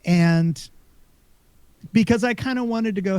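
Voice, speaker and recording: A man's voice: on the high side, a little slow, creaky, warm tone, no room sound. A man co-hosting a podcast, chatting casually and rambling about a video game with lots of fillers and restarts. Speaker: podcast co-host. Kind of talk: casual gaming chat.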